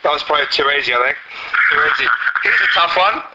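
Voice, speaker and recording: A man's voice: a little high, wildly swooping pitch, fast, sharp tone. An Australian man hosting a podcast, quizzing a guest in a chatty, teasing way. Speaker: podcast host. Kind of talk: casual quiz interview. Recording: dull lo-fi podcast audio.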